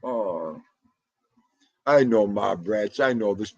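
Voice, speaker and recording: Hosting a livestream, a middle-aged man talks chattily with his audience, laughing and answering the chat. He has a lowish, darkish voice with lively intonation and a slow pace. The audio is dull, without any echo.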